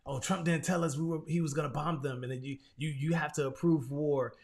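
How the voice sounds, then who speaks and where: A man chatting on a podcast, excitable and slangy, calling his friend bro. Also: on the high side, a little fast, creaky. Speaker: podcast co-host. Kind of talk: casual podcast chat.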